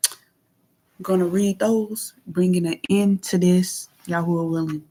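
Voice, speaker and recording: Woman vlogger, low-ish voice, plainspoken and aggrieved, keeps clearing her throat. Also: fairly even intonation, measured pace, mellow. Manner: reads out text messages and comments on them; plainspoken, aggrieved, repeats herself. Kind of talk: casual venting monologue.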